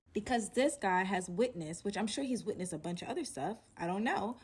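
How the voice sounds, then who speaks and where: A woman's voice: mid-range voice, breathy edge. A woman telling a personal story in a casual storytime style, acting out the other voices and using a lot of slang. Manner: animated, acts out quotes, slangy.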